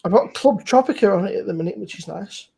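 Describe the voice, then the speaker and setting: A woman with a husky, slightly breathy voice hosts a relaxed chat over a few beers. She rambles along loosely, swears often and breaks into laughter between thoughts. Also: mid-range voice, fast talker. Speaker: host.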